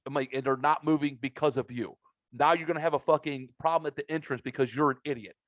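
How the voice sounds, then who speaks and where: A middle-aged man hosting a podcast, telling a story in a casual, profane and animated way. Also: a little high, fast talker, dry recording. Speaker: podcast host. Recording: dull lo-fi audio.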